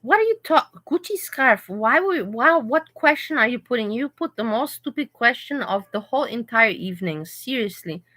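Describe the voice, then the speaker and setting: Bright-voiced woman chatting on a livestream. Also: on the high side, moderate pace, few pauses, rough recording. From Europe. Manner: animated, talks back to chat commenters. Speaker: livestream host reading chat. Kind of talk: casual livestream chat. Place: hotel room.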